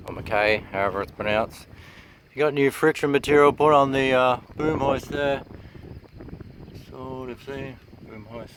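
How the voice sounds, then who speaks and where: A man giving a laid-back, halting walkthrough of an old machine, with many pauses and "uh"s, speaking into a handheld camera inside a running dragline cab. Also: a bit bright. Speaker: machinery restorer. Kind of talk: casual walkthrough narration. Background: faint engine rumble.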